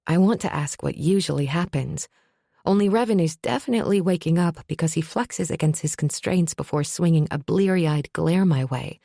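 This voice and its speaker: A woman's voice: sits low, moderate pace, gravelly, warm tone, no room sound, studio quality. A woman narrating a fantasy audiobook in first person, with a wry, sardonic edge.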